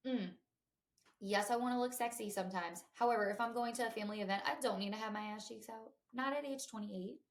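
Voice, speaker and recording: A woman's voice: fairly high pitch, fast talker. A woman, hosting a podcast in a chatty, candid way, full of fillers and asides to her listeners. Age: 20s. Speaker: podcast host. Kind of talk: casual chat.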